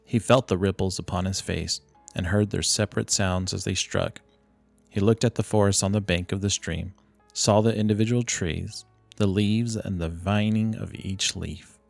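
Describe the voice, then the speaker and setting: A man narrating a classic short story as an audiobook, reading in a steady, measured way. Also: gravelly, dry recording. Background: low ambient music.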